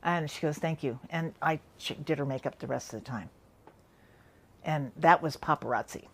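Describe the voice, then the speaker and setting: A woman's voice: deep voice, normal speed. A woman makeup artist casually telling an anecdote, acting out what people said. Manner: chatty storytelling, acting out quoted voices.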